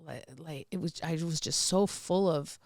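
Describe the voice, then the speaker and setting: A woman's voice: low voice, moderate pace, darkish tone. A middle-aged woman telling candid personal stories as a podcast guest, rambling with restarts and laughs.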